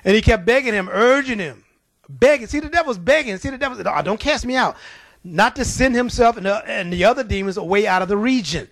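A man's voice: high-pitched, lively intonation, quick pace, no room sound. A man preaching a sermon, telling stories in an emphatic, colloquial way.

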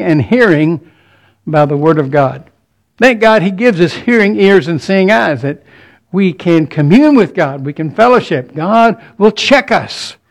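A man preaching a sermon, earnest, often repeating words as he builds each point. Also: high-pitched.

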